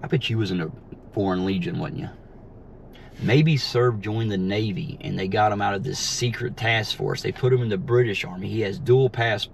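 A man's voice: on the low side, gravelly. A man ranting heatedly and mockingly while driving around, swearing constantly, recorded inside his car. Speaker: vlogger. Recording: faint road noise in a car. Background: faint vehicle noise.

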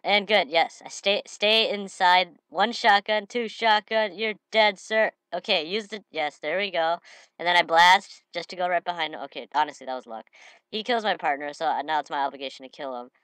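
A slightly sniffly woman giving excitable gameplay commentary, breaking into shouted trash talk. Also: on the low side, normal speed, smooth, dry recording. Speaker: gamer.

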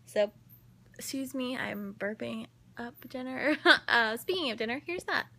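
A woman's voice: fairly high pitch, expressive, unhurried, vocal fry, fairly bright tone. A young woman chatting casually to her phone camera from her living room couch at home, upbeat and giggly. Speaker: daily vlogger. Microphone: phone camera held close.

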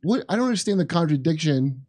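Male co-host, quick joking banter, high-pitched. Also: expressive, a little mellow. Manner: joking interjections. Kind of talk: casual banter.

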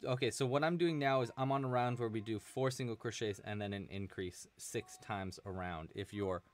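A man's voice: lowish voice, normal speed. Laid-back man teaching crochet live. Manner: relaxed, chatty, counting stitches aloud. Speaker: crochet instructor.

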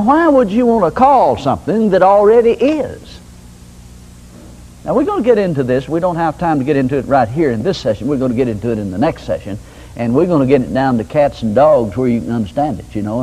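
Husky-voiced older preacher, lively pitch. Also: male voice, low-quality recording. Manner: folksy, conversational preaching with homespun examples. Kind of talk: sermon teaching.

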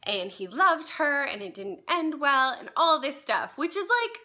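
A woman's voice: high-pitched, very animated, a little slow, sharp tone. A young woman telling a personal story on her vlog in a casual, chatty way, full of "like" and "um" and little laughs at herself. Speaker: vlogger.

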